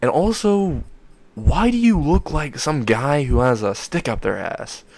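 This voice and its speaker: A man's voice: a little high, animated, a little mellow, no echo, voice pushed up. A man voicing a flustered, exasperated teenage boy hero in a comedic fan story, close and dry. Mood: cocky. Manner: exasperated, swearing, quick reactions.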